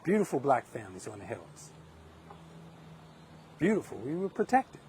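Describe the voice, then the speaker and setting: A man's voice: medium pitch, sing-song, normal speed, a little mellow, slight background noise. Emphatic middle-aged New man. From Hempstead, Long Island, New York. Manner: emphatic, preachy, restarts a lot. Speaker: livestream host. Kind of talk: live political monologue.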